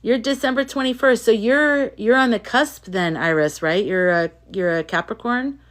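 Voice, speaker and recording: In a casual livestream, a woman with a fairly high, fairly bright voice talks at a moderate pace. She reads comments from viewers emphatically and keeps repeating herself as she chats.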